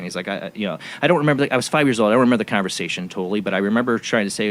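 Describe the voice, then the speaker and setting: A man's voice: on the low side, animated, rapid-fire, few pauses, a bit bright, slight background noise. A man hosting a talk show, telling a personal story in a rambling way with many restarts. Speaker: radio show host. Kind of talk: casual radio talk show chat.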